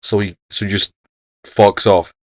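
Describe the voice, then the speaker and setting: A man's voice: fairly low pitch, flat delivery, unhurried, dry recording. Rambling, swearing young man. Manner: rambling, profane, jokey. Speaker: revision video host. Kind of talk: casual exam revision talk.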